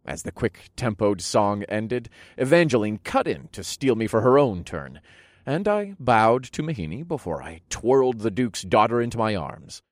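Expressive low-voiced male audiobook narrator. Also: normal speed, dry recording, studio quality. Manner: expressive storytelling, softening for intimate moments. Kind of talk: first-person fantasy audiobook narration.

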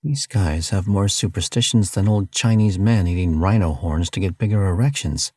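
A man's voice: low-pitched, normal speed, darkish tone, dry recording, studio quality. A man reading an audiobook, voicing a sarcastic stranded human captive with wry asides.

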